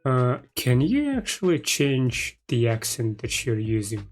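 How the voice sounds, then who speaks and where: A young man hosting a casual chat, speaking English haltingly and switching to relaxed commentary. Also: medium pitch, soft background music. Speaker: English teacher, host.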